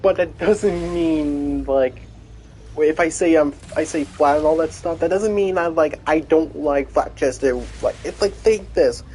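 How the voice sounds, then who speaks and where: A man's voice: fairly high pitch, unhurried, mellow, slight background noise. A man streaming a video game, rambling in casual chat with many restarts and fillers.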